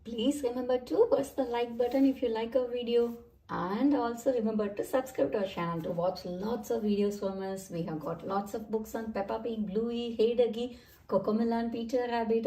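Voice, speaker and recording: A woman reads a children's storybook aloud in a slow, clear, friendly way. Her voice is mellow and dark rather than bright. The microphone sits some distance from her. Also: on the high side. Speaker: storybook reader.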